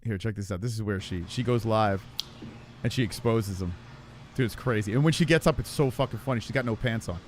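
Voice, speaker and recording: A man hosting a casual livestream, telling stories in an animated, profane way. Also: fairly low pitch, brisk, a little hiss or hum. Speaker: host.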